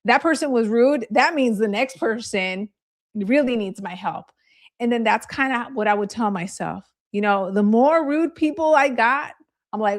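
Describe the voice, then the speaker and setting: Chatty woman sales trainer, higher voice. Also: normal speed. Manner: candid storytelling, chatty, laughs easily. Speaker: real estate agent and sales trainer. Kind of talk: live training session.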